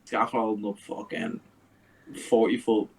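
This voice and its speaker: A man co-hosting a podcast, talking about films in an animated, sweary, sarcastic way. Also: lowish voice, measured pace, gravelly, slightly rough, rough recording. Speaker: podcast co-host. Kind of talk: casual film review chat.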